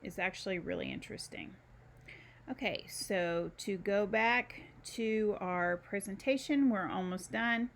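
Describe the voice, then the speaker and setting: A woman talks through a recorded university lecture at a slow, deliberate pace. She stops often, fills gaps with ums, and explains each point one step at a time as she moves through her material. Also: mid-range voice. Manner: unhurried, explains with many ums and pauses. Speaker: university instructor. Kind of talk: recorded screen-share lecture.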